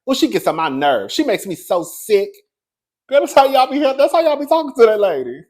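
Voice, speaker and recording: A man giving casual celebrity gossip commentary, chatty and sassy, calling his viewers "girl" and swinging from low murmurs to high excited bursts. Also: fairly quick.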